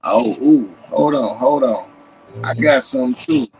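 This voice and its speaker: A man with a Tennessee accent showing off maps and artifacts in a casual vlog, animated and emphatic, breaking into shouts. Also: medium pitch, slow, vocal fry, faint music behind, poor audio. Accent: Southern US, Tennessee. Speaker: history vlogger. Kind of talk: excited casual show-and-tell.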